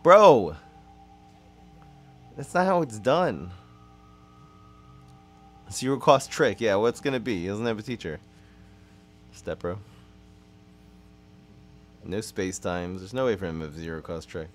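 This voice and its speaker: A young man giving casual, excitable gameplay commentary and teasing banter to his viewers. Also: deep voice, moderate pace, pauses often, soft background music. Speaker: streamer. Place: dim room at his parents' home.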